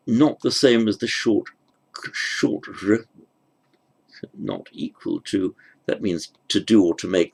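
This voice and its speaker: A man's voice: low voice, a little mellow. A man giving a grammar lecture, thinking aloud with fillers and self-corrections. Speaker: teacher.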